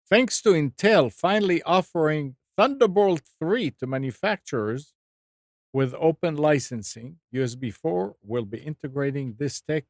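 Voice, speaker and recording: A man's voice: medium pitch, dry recording, clean studio sound. A man hosting a radio tech show, reading out tech news with casual asides and jokes. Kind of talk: casual chat.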